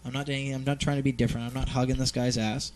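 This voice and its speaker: A man's voice: medium pitch, level tone, fast, a little mellow, a little hiss or hum. A man hosting a show, telling a long story in casual chat, rambling, swearing freely and using plenty of fillers. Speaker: host.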